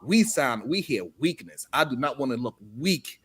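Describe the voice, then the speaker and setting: A man's voice: medium pitch, animated, normal speed, a crowd in the background. A man hosting a casual live-stream panel chat over a video call, playful and teasing, laughing often. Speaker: talk show host.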